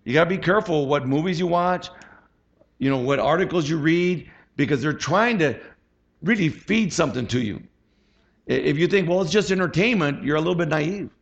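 A man's voice: a little high, expressive, normal speed. A middle-aged man preaching a conversational sermon as pastor, chatty and asking the congregation for amens. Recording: dull lo-fi sound.

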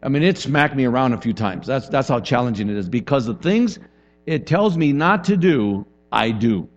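Animated male pastor preaching a sermon. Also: mid-range voice, normal speed, muffled recording. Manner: conversational and animated, with acted-out quotes.

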